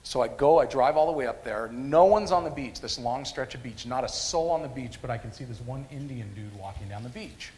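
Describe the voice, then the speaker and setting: A man's voice: medium pitch, a little fast, few pauses, a little hiss or hum. Storytelling man preaching a sermon. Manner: lively storyteller, repeats phrases for emphasis. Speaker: pastor. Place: church service.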